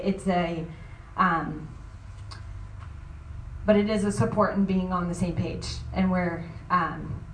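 A woman in her thirties speaking on a church women's panel, halting and restarting often as she shares from her own marriage. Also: fairly low pitch, a little hiss or hum. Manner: halting, many restarts and fillers. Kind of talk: faith-based panel talk. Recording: roomy sound from a distant mic.

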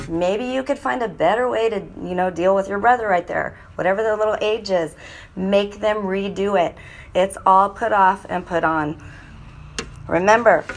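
A woman giving a lively, instructive parenting talk to a live audience of mothers, sometimes mimicking children's voices. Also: medium pitch, slight background noise.

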